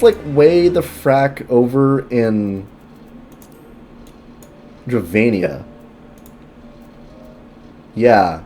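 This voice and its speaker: A man's voice: medium pitch, dark tone. Rambling male game streamer. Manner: rambling, lots of fillers and asides. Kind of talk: casual gameplay commentary.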